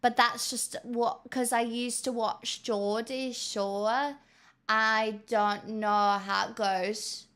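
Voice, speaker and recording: A woman's voice: fairly high pitch, fairly even intonation, slow, fairly bright tone, clean tone. Woman streamer hopping between fake accents. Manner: hopping between put-on regional accents, swearing freely. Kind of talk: casual livestream chat.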